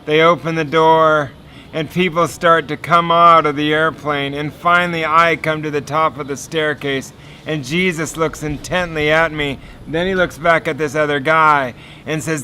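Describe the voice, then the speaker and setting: An earnest man tells a personal faith story as a sermon testimony, animated and warm in his delivery. His voice is bright and a little high. A faint hum sits behind him. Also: moderate pace. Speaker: speaker giving a testimony.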